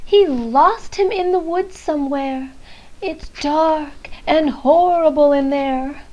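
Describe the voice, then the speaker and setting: Woman narrating a rhyming picture book; very high, gentle, unhurried read-aloud. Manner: gentle, rhythmic rhyming delivery. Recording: dull lo-fi recording.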